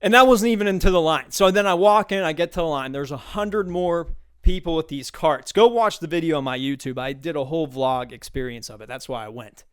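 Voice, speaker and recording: Podcast host, male, slightly higher voice, smooth and clear, swears freely, acts out the people he met. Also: fairly quick. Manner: profane, storytelling, mimics people he met. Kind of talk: casual solo monologue.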